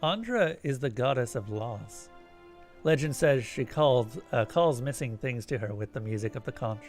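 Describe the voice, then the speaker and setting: Streamer, male, reads game dialogue and narration aloud with relaxed offhand comments. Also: mid-range voice, moderate pace, faint music behind. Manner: narrates descriptively, then casual asides.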